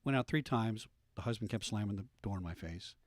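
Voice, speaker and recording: A middle-aged man hosting a radio talk show, telling police stories with lively animated delivery. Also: lowish voice, brisk, no room sound, clean studio sound. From United States. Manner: animated storyteller, acts out voices in anecdotes.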